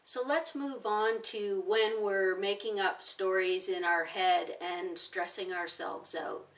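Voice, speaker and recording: A woman in her forties, a self-help teacher, calmly walking through a technique step by step with everyday examples. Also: mid-range voice, slow, far from the mic. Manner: calm, explaining step by step with plain examples. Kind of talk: instructional talk to camera.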